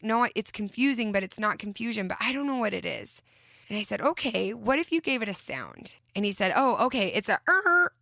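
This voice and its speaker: A woman in her thirties hosting a self-help podcast, talking gently and encouragingly as she guides listeners through a visualization. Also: mid-range voice, creaky, dry recording, studio quality. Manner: gentle, encouraging, slowing into soft whispered visualizations. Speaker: podcast host.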